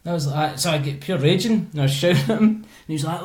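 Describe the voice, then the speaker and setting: A Glaswegian man hosting a podcast, telling a sweary, animated story with laughs between lines. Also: mid-range voice, rapid-fire, reverberant. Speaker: podcast host. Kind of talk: casual storytelling chat.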